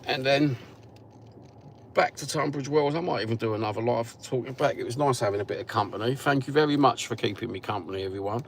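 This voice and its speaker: Gravelly sweary Cockney man in a car. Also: medium pitch, quick pace. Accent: Cockney East London. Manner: rambling, blunt and sweary. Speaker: vlogger. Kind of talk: casual chat while driving. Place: inside a car. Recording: car noise behind the voice.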